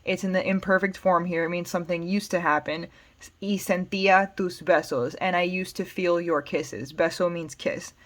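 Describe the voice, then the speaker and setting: A woman's voice: on the low side, steady tone, normal speed. A woman with an American accent teaching Spanish, patiently explaining song lyrics word by word. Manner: patient, plain explanations with fillers.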